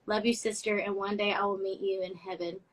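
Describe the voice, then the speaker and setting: A woman's voice: mid-range voice, level tone, fairly quick, poor audio. A young woman hosting a casual live stream, reading fan notes aloud in a chatty, effusive way. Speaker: host of a live social media show.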